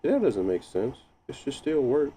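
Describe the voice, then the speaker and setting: A man streaming live, chatting casually while tinkering with settings, thinking out loud and laughing often. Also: medium pitch, sing-song, measured pace, a little hiss or hum. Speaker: gaming streamer.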